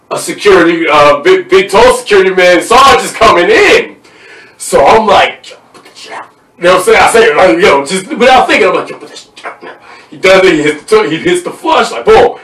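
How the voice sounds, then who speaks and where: A young man with a high, bright-sounding voice tells stories in a loose, animated way, slipping into other people's voices. He sounds set back from the mic in an echoey room, with the sound bouncing off the walls. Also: normal speed, distant mic. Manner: animated storyteller, acts out voices and laughs. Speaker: podcast host. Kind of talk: casual chat.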